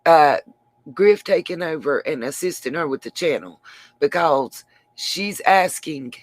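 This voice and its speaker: A woman with a low, animated voice speaks unhurriedly while hosting a casual livestream on her own channel. She rambles, restarts often, and answers viewers by name.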